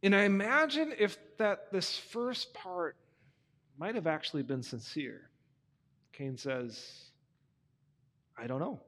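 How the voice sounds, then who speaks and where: A man preaching to young people, retelling a story in a conversational, animated way and acting out the characters. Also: sits high, slow, in a large hall.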